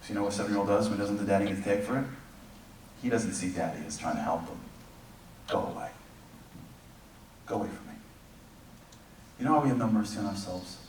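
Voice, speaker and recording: Male preacher, animated storyteller acting out voices; very reverberant hall, distant mic. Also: on the low side, racing, slight background noise. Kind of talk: sermon. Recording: echoey hall from far off, faint background.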